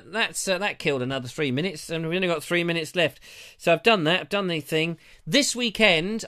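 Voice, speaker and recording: A man's voice: a little high, fairly bright tone. A man from hosting a live show, rambling in a chatty, self-mocking way with a slightly dry throat. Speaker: show host. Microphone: lapel mic.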